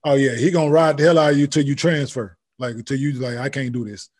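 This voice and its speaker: A man's voice: a little high, quick pace, a little mellow. Blunt, profane podcast host, a man. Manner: blunt, profane, streetwise slang. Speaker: podcast co-host, former basketball player. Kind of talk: casual chat.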